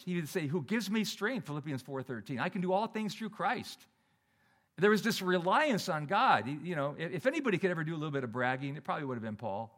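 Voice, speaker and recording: A middle-aged man delivers a sermon as a pastor, talking to the congregation as if he were chatting with them. His voice sits somewhat high and lifts and drops sharply for emphasis. He often stumbles and starts his phrases over. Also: fairly quick. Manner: conversational, animated preaching with restarts.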